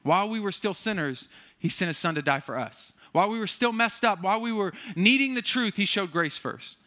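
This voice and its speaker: A male pastor delivers a sermon in a bright, ringing voice pitched a little high. He talks in a loose, conversational way, slipping in jokes and acting out the people he quotes. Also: animated, brisk.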